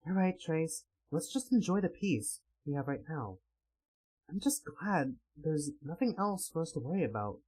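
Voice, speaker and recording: A gentle, earnest young tiger-like woman, read out by a man in his own voice. She speaks softly and plainly, with a lively pitch. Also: normal speed, husky, poor audio.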